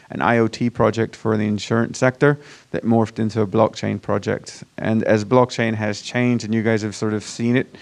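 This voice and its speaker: A man from Virginia with an accent that mixes American and British, giving a casual, self-deprecating startup pitch to a conference audience with many fillers and restarts. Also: clean tone. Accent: mixed American and British. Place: conference room before a live audience.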